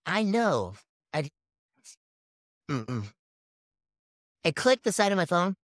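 A woman's voice: on the low side, very animated, takes it slowly, no echo, studio quality. A woman telling a strange personal story in a casual, blunt way, swearing freely.

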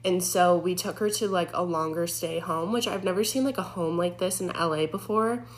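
A young woman, a former EMT, casually telling a true scary story in an animated way, full of "like" fillers. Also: lowish voice, normal speed. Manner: animated, heavy use of "like" fillers.

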